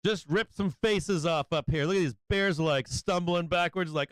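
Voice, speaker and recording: Hyped high-voiced man calling live trades. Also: normal speed, clear, resonant tone, no room sound, poor audio. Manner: excitable, hyped, egging on the price; chuckling often. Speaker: stock market livestream host. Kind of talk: live trading commentary.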